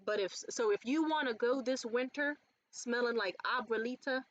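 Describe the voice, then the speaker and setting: A young woman in casual vlog chat about a beauty haul, animated and swearing freely, jumping up high when quoting others. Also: normal speed, dull audio. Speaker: beauty vlogger. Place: bedroom.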